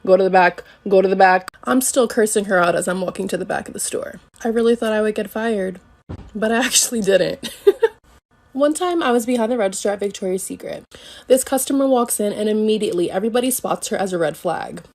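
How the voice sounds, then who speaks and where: Young woman, mid pitch, sassy work storytime, acts out the quotes, lots of cussing. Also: lively intonation, brisk, darkish tone. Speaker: retail worker. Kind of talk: casual storytime monologue.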